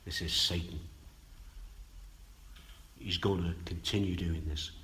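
A man preaching a sermon, swinging between loud emphatic bursts and quiet low asides, and stretching out key phrases. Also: fairly even intonation, slow pace.

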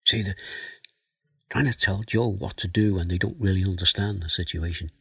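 A man giving a slow, earnest Bible teaching sermon, reading verses aloud and then explaining them. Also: deep voice, creaky, sharp tone, breathy edge, no echo, studio quality. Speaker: preacher.

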